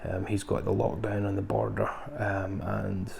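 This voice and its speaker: A man with a low, gravelly voice gives a loose, conversational film review to camera. He wanders off on tangents and fills pauses with ums. Faint ambient noise sits under the close mic. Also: flat delivery, darkish tone. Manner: rambling, conversational, frequent ums and asides. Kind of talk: casual film review chat.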